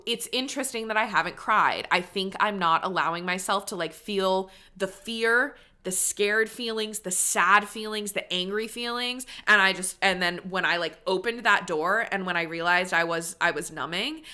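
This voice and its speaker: Bright-voiced woman coaching podcast host. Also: mid-range voice, moderate pace, hardly any pauses. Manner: earnest, encouraging, coaching tone. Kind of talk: solo motivational podcast monologue.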